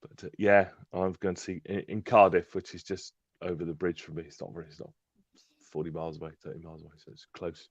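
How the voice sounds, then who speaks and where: Low-ish guy rambling on a video call, lots of ums and laughs, dry slightly muffled sound. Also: flat delivery, quick pace, no room sound. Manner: chatty, laughs often, many fillers. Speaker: co-host. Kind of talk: casual live-stream chat.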